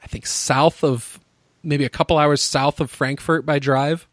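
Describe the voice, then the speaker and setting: A man's voice: a little high, steady tone, unhurried, no room sound, clean studio sound. A young man telling a travel story in casual chat, rambling and swearing, laughing often. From United States. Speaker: podcast co-host.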